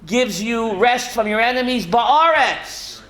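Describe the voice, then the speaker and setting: A rabbi teaching a Torah class to students, animated and full of rhetorical questions. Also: male voice, very high voice, takes it slowly. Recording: roomy classroom echo.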